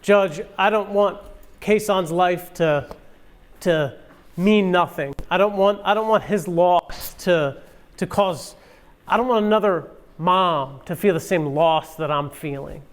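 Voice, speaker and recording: A man giving personal testimony in a courtroom, halting and emotional, often stumbling over his words. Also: sits high.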